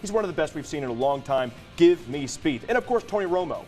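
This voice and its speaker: A man's voice: fairly high pitch, animated, quick pace, a little mellow, soft background music. A young man from Texas co-hosting a sports debate show, arguing his picks with stats and a lot of "look" and "okay". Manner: argumentative, stat-heavy, keeps saying "look" and "okay".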